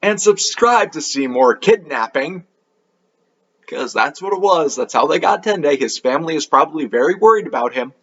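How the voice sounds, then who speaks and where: A man's voice: fairly high pitch, a bit bright, breathy edge, muffled recording. Sarcastic man rambling through a review. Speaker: anime review host. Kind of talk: casual video review commentary.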